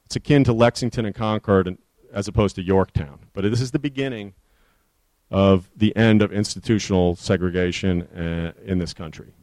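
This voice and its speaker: A man's voice: sits low, moderate pace, darkish tone, no room sound. A man, an author, giving a public history talk with earnest storytelling and audience questions.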